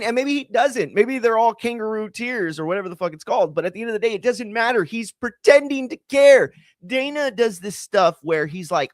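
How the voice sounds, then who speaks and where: With a high-pitched, expressive voice at normal pace, a man hosting a combat sports podcast rants casually, angrily and profanely, wandering off track and using lots of fillers. The recording is dry.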